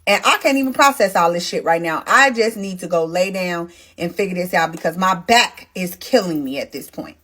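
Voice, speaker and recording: A woman vlogger narrating a personal story to her viewers in a casual, emotional, animated way, often talking to them directly. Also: on the low side, normal speed, hardly any pauses.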